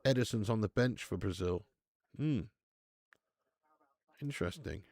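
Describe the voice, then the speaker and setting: A man with a gravelly, creaky voice, talking casually through a live football match for his viewers. He banters with viewers and swears freely, close to a dry microphone with no room sound. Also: lowish voice, lively intonation, measured pace, a little mellow, dry recording. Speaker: watch-along host. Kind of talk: live football watch-along commentary and chat reading.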